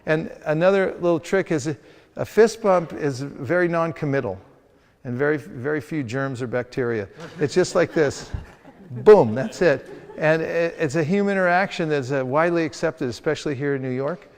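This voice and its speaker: A man's voice: fairly high pitch, moderate pace. Playful man training a group in a hall. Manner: playful, acts out street encounters. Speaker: sales trainer. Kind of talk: hands-on training talk with demonstrations. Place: indoor training session with a group. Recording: long reverb of a hall.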